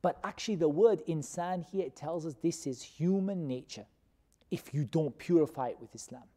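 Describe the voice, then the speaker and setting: A man teaching a Quran commentary class, who questions his students and repeats key terms slowly. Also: a little high, dark tone. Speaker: religious teacher. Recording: long reverb of a hall.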